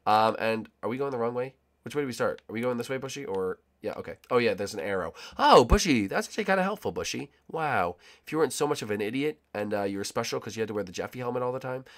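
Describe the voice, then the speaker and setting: A young man chats his way through a game session, playful and full of teasing banter. His voice sits at an ordinary pitch and jumps now and then into loud excited bursts. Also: quick pace, few pauses. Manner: playful, jokey banter with sudden loud outbursts. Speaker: gaming channel host. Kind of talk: casual gameplay commentary.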